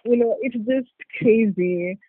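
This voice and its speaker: A podcast guest talking excitedly in casual chat, full of fillers. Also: mid-range voice, unhurried, dry recording. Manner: excitable, filler-heavy, says like a lot. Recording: tinny phone-like line, dry.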